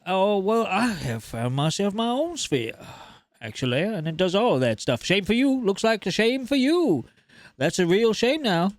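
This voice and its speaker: A man doing a smug middle-aged southern fellow in a put-on Southern American drawl, pitched up high and taunting. He stretches out each gloating line. The sound is dry and close. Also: very animated, a little slow, no room sound, exaggerated voice.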